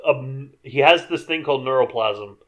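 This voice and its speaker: Co-host, man, mid-pitched, steady profane plot recap. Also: normal speed. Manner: plot-focused, profane, dry asides. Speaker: podcast co-host. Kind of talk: casual movie recap chat.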